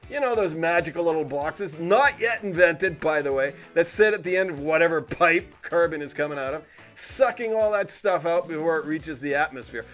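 A man hosting a weekly commentary show, talking in a sarcastic, cynical tone with animated emphasis. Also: fairly high pitch. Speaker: podcast host. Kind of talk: sardonic commentary monologue.

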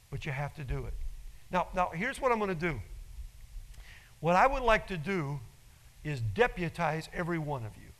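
A man's voice: on the high side, sing-song, moderate pace, long pauses, fairly bright tone, rough recording. A middle-aged male pastor preaching a sermon in an emphatic, folksy storytelling way, repeating key phrases.

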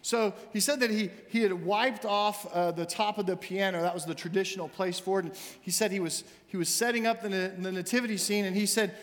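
A man, the senior minister, preaching a sermon in a church sanctuary and telling a story with animated quoted voices. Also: high voice, brisk, hardly any pauses. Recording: long hall reverb, faint music.

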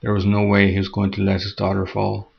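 A man with a rather low, creaky, husky voice narrates a scripted horror story in a steady, measured reading. The recording is lo-fi and dull.

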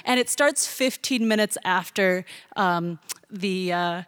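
A young woman telling a funny personal story to an audience, animated and laughing, mimicking excited voices. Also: fairly low pitch, takes it slowly, clear, resonant tone, no echo.

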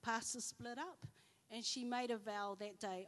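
A woman with a New Zealand accent gives a sermon in a fairly high voice. She tells personal stories and acts out each side of the conversations. Her voice rings with the long reverb of a church hall. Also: fairly even intonation, unhurried, fairly bright tone. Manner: storytelling, acting out dialogue. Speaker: preacher.

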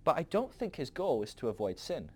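A man hosting a podcast, talking through ideas in an animated, rambling way with frequent restarts. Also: on the high side, brisk, breathy edge. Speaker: podcast host. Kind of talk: casual philosophical teaching.

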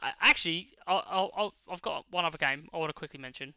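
A man in his late twenties chats casually as a podcast co-host, rambling and swearing, with plenty of fillers and restarts. His voice is very bright and crisp, a touch higher than most men's, and it sounds close and dry. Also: quick pace, dry recording. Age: late 20s. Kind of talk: casual chat.

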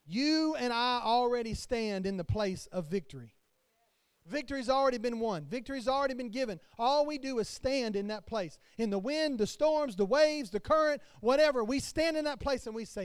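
High-voiced man preaching a sermon. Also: normal speed, smooth, no echo. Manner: preaching to a congregation, rising and falling in loudness. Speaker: pastor.

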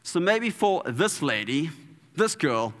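Animated, bright-voiced male preacher in a hall. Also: a little high, slow pace. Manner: playful, animated, with sound effects. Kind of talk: sermon.

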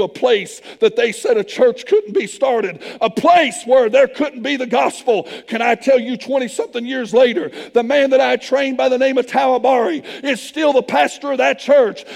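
An older man, preaching a sermon and telling a missionary story with passion, shouting at the high points. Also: vocal fry. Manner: impassioned, shouting at peaks, hushed in the retold confrontation. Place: church sanctuary. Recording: long hall reverb.

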